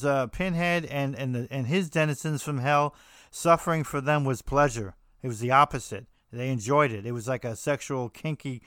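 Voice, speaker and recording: A man's voice: mid-range voice, a bit bright, no echo. American man rambling in a dry close mic. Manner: rambling, frequent restarts and fillers. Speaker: podcast host. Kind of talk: casual monologue on horror films.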